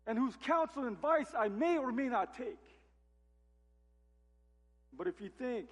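A man's voice: very high-pitched, breathy edge. A man preaching a sermon as pastor, emphatic and full of rhetorical questions, in a church sanctuary. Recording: long hall reverb.

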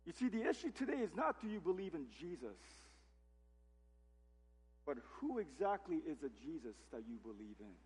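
Pastor guy preaching, pitch up high and swinging around, long echo in the hall. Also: sing-song, moderate pace, a little mellow, slightly rough. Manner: emphatic, with rhetorical questions. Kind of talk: sermon.

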